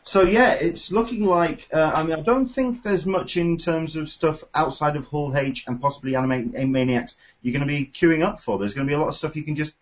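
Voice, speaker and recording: Man, casual podcast host, excited and rambly, muffled lo-fi sound. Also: on the high side, brisk, hardly any pauses. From United Kingdom. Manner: enthusiastic, rambling with many fillers. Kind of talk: casual chat. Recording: dull lo-fi recording.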